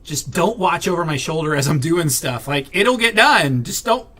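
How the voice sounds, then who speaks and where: A man's voice: on the high side, animated, normal speed, bright, forceful tone. A man vlogging in a casual, rambling way, full of fillers and restarts, blunt and irritated as he vents and swears now and then. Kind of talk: casual venting to camera.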